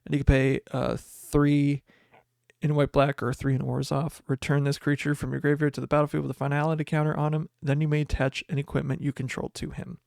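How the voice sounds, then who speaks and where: A young man hosting a podcast, chatting casually and excitedly as he opens card packs and reads the cards aloud. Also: a little high, fairly quick, gravelly, no echo, clean studio sound. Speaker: podcast host. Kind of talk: casual card pack opening chat.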